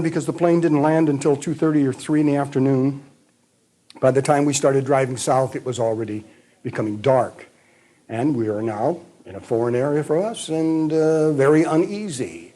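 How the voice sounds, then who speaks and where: An older American man, a retired history professor, recounting a past trip in a measured, detailed storytelling way. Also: mid-range voice, warm tone. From United States. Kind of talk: reminiscing storytelling.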